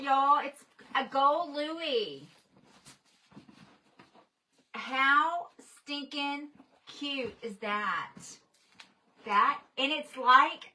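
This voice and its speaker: Bright-voiced gushing woman. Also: a little high. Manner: gushing and excitable, chatty asides to viewers. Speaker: livestream host. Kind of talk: casual livestream chat.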